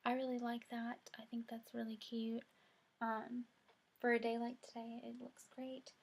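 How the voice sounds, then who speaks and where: A young woman from the American South talks her viewers through a makeup look in a loose, rambling way. Her voice sits a little high and slightly husky, with a fairly even, flat melody. She sprinkles "y'all" everywhere. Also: normal speed. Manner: chatty, rambling, says "y'all" often. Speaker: beauty vlogger. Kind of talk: chatty get-ready-with-me makeup tutorial.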